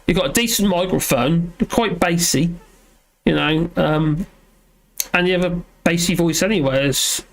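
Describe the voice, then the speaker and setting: Man with a fairly high voice, hosting a live chat from home; rambly, self-deprecating, lots of ums. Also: moderate pace, gravelly. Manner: rambling, self-deprecating, many fillers and restarts. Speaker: livestream host reading chat.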